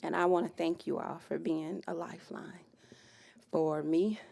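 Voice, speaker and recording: A woman performing spoken word poetry live with an emphatic, rhythmic delivery and pauses that hang between phrases. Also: on the low side, fairly even intonation, gravelly, dark tone. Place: community music venue, live performance. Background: guitar playing.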